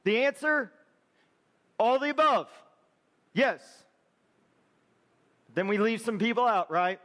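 A man preaching a sermon as a pastor, conversational with quick asides to the congregation. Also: very high voice, expressive, fairly bright tone, long reverb tail.

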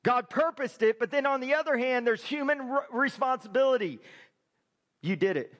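A man preaching a sermon as a pastor, conversational with quick asides to the congregation. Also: very high-pitched, a bit bright, big-room sound.

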